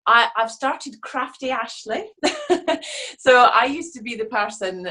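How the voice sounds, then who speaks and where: A woman from Scotland with a softened Scottish accent, chatting casually as an interview guest over a video call, laughing often and restarting her sentences. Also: a little high, lively intonation, slow. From Scotland (Fife). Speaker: interview guest, stage actress.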